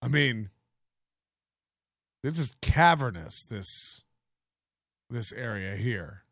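Slow, rambling male podcast host. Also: mid-range voice, lively intonation, fairly bright tone, no room sound, clean studio sound. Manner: rambling, self-deprecating, unhurried. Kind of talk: casual commentary over clips.

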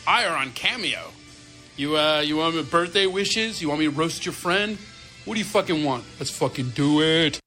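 A man's voice: a little high, lively intonation, normal speed, sharp tone, faint music behind. A man putting on a dim-witted, boastful comic persona who talks in broken grammar and swears. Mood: brash.

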